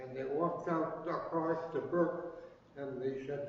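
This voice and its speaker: An older man telling a traditional story to a class in a library room, slow and halting with many pauses. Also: a little high. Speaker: language class elder and storyteller. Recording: echoey hall, distant dull mic, faint noise.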